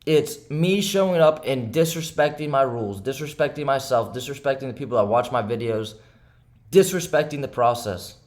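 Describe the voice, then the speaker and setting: A young man records a frustrated talk to his viewers right after a losing trade. His pitch sits in the middle for a man, and he keeps repeating himself and tagging "right?" onto his points. He moves between heated bursts and quiet, subdued stretches. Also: animated, normal speed. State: frustrated and upset. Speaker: day trader and channel host. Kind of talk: frustrated self-talk to camera.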